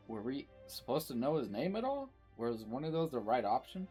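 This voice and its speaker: A man's voice: medium pitch, big pitch swings, brisk, few pauses, mellow, soft background music. A man streaming a game, reacting and thinking aloud in casual commentary.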